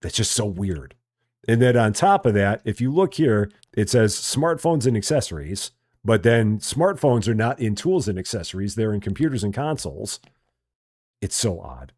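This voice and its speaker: A man's voice: fairly low pitch, normal speed, slightly rough, dry recording, studio quality. A man from Chicago with a general Midwestern accent, chatting casually and rambling while live-streaming a game. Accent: general Midwestern American. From Chicago, USA. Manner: relaxed, chatty, self-mocking, rambling with restarts. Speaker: gaming streamer.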